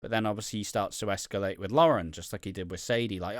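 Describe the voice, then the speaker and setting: A man's voice: on the low side, quick pace, hardly any pauses, no room sound, clean studio sound. A man co-hosting a podcast in casual, rambling chat, swearing freely and laughing often. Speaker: podcast co-host.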